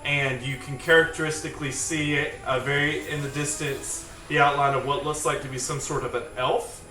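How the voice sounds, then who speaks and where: Give me a man game master narrating, far from the mic with soft music underneath. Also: on the high side, level tone. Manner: casual, halting narration with fillers. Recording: echoey room, distant mic, faint music.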